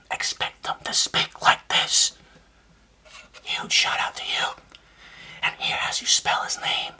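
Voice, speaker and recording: A man voicing a timid male snake keeper who speaks only in a breathy whisper, as whispered role-play. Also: bright, forceful tone.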